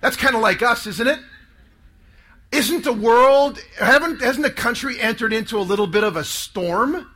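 A man's voice: extremely high pitch, normal speed, pushed and bright. A man preaching a sermon to a live audience, emphatic and calling for responses.

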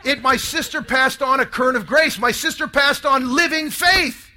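A man in his sixties gives an emotional testimony to a live audience, with a bright, ringing tone and a fairly high voice. He tells it dramatically, dropping to near-hushed tones before swelling into loud outbursts. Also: normal speed. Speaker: speaker giving a testimony.

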